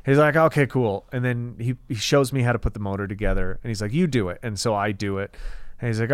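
A man's voice: mid-range voice, a little fast, smooth, no echo. A man co-hosting a podcast, telling a long profane story in casual chat and acting out the people in it. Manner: profane, animated storyteller quoting others. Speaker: podcast co-host.

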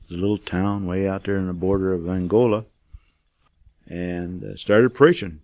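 A man's voice: sits low, fairly even intonation, moderate pace, a little mellow, dry recording. An older man, a missionary, telling a testimony in a folksy, rambling way with many fillers. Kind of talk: casual storytelling testimony.

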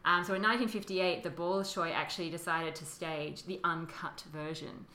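Lady cohost rambling through history, low-ish voice, kinda bright, roomy echo. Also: steady tone, normal speed. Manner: chatty, explains with fillers and laughs. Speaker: podcast co-host. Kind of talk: casual conversational history chat.

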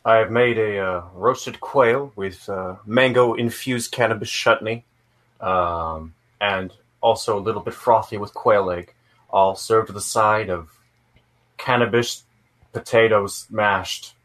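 A man's voice: on the low side, slow, a bit bright. A man playing a tabletop game, speaking in a dry, matter-of-fact way. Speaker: player. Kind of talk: tabletop game role-play.

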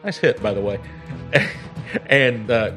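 A middle-aged man playing a tabletop game, describing his moves haltingly with fillers and chuckles. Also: on the low side, pushed and bright, soft background music. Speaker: player.

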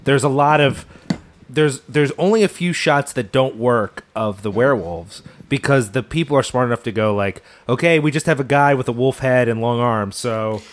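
A man's voice: medium pitch, normal speed. A man chatting casually on a podcast, wry and teasing. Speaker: podcast panelist. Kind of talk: casual chat about horror films.

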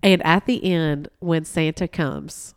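A woman in her thirties co-hosting a casual chat podcast, talkative and quick to laugh. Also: deep voice, clear, resonant tone, no echo, studio quality. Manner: chatty, laughs easily, gets emotional. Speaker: podcast co-host.

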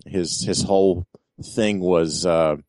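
Male podcast co-host, very low voice, dry close sound, halting explanations. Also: fairly even intonation, a little mellow, dry recording. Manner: halting, lots of ums and uhs while explaining. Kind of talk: casual chat.

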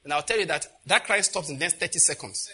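A man preaching a sermon as pastor, animated and laughing as he acts out what others say. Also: a little high, fast talker, slightly rough.

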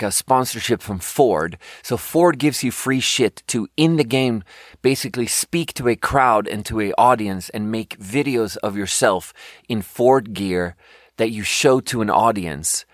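A man's voice: medium pitch, no room sound, clean studio sound. A young adult man ranting in a casual podcast chat, exasperated and profane, rambling with many fillers. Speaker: podcast host. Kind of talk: casual rant.

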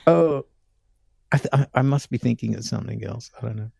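A man's voice: mid-range voice, fairly quick, vocal fry, warm tone, breathy edge, dry recording, clean studio sound. A man co-hosting a podcast, giggling and joking through casual chat. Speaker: podcast co-host.

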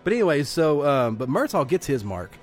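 A man co-hosting a casual movie podcast, retelling scenes with lots of swearing and loud acted-out quotes. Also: brisk, faint music behind. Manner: animated, acts out movie lines with loud high quotes, swears a lot. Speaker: podcast co-host. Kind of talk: casual movie-review chat.

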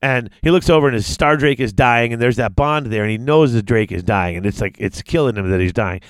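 A man casually retelling a fantasy battle story, excitable and rambling. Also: fairly quick, dry recording. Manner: excitable, rambling, big pitch swings. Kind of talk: casual chat.

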